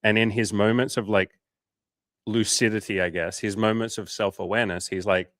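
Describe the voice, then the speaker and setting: Low-voiced guy coaching on a livestream, blunt, swears a bit, dry close mic. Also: fairly even intonation, moderate pace, a bit bright, dry recording. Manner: blunt, casual, swears, acts out quotes in higher voices.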